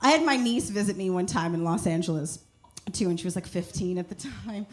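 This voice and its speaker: A woman's voice: fairly low pitch, a little fast. A woman comedian telling rambling, profane stories on a comedy club stage, restarting sentences and acting out dialogue. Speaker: stand-up comedian. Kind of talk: stand-up storytelling.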